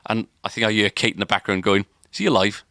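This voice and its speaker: A man's voice: fairly low pitch, fairly even intonation, quick pace, pushed and bright, dry recording, clean studio sound. A man, a podcast co-host, telling a long story in casual chat, rambling with restarts and filler words.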